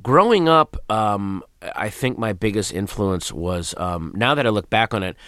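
A man, a comedian, answering interview questions in a radio studio, thoughtful and given to trailing off into soft asides. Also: lowish voice, lively intonation, unhurried, dry recording. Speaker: comedian guest.

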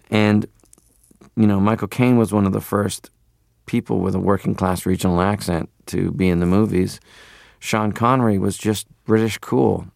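A man's voice: on the low side, moderate pace, vocal fry, no room sound, clean studio sound. A man from Canada, a film guest, telling reflective stories in an interview and slipping into impressions. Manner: reflective, animated, slips into impressions. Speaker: guest, filmmaker.

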